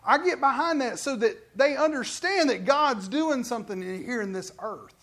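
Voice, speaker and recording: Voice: sits high, lively intonation, moderate pace, fairly bright tone. A pastor preaching a sermon in a church, talking conversationally and asking the congregation questions.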